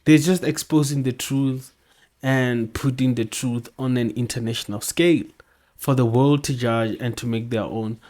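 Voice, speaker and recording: A man's voice: medium pitch, a little mellow. A man hosting, giving casual blunt commentary and arguing back at clips. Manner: blunt, argumentative, keeps saying bro. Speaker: host.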